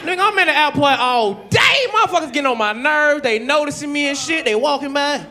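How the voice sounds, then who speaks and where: Loud, high-voiced comedian on stage. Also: male voice, fast talker. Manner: loud, shouting, laughing, profane. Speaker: stand-up comedian. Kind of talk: crowd-work roast comedy. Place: comedy club stage before a live crowd. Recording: loud crowd and room noise.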